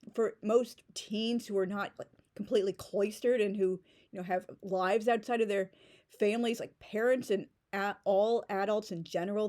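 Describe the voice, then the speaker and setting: A woman's voice: medium pitch, darkish tone. A woman giving a casual spoken book review in a sarcastic, mocking tone.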